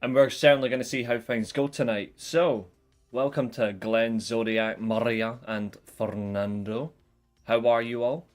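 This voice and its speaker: A man's voice: medium pitch, fairly even intonation, measured pace, faint music behind. A man hosting a wrestling review livestream, chatting casually and jokingly with viewers, greeting them by name. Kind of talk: casual live chat to viewers.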